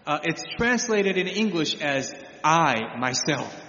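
A man's voice: a little high, sing-song, sharp tone. Man preaching in an echoey hall. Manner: explanatory, halting with repeated restarts. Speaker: pastor. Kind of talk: sermon teaching. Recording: echoey hall, dull lo-fi sound.

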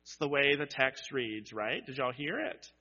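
Preaching at normal speed, a male pastor's sharp, mid-range voice swings widely in pitch as he climbs to emphatic, repeated cries and then eases into conversational asides. It's recorded in a church sanctuary with a dull sound and long reverb.

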